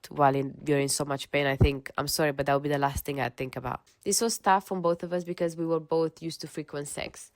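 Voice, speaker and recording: A woman reading relationship posts aloud in a casual storytime, then breaking off to rant with exasperated outbursts and some swearing. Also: sits low. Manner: reads posts then rants with animated outbursts.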